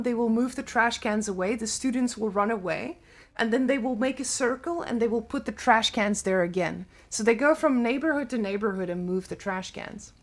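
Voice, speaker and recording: A young adult woman with a Serbian accent, chatting casually on a live stream in loose, non-native English. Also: a little high.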